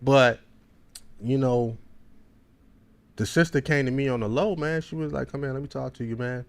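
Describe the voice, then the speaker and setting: A man's voice: medium pitch, fairly even intonation, moderate pace. A man with a Baltimore accent hosting a podcast, telling a long, rambling story in casual slang. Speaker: podcast host.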